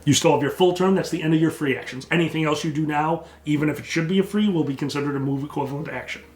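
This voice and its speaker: A man running a tabletop game as game master, slowing down to narrate the action in vivid detail. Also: on the high side, a little mellow, echoey room. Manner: slows down for vivid descriptive narration.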